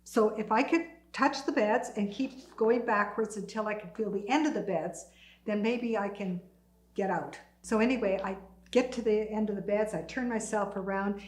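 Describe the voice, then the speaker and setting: A woman's voice: medium pitch, normal speed, echoey room. An older woman recounting a personal survival story to an audience, acting out her own thoughts and the dialogue vividly. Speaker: community storyteller.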